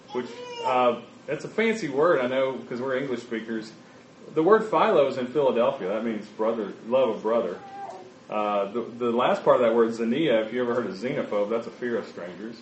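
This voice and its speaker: A man preaching a sermon, talking in a conversational, halting way with many fillers and restarts. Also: mid-range voice, recorded from a distance, slight background noise. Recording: echoey, dull room recording.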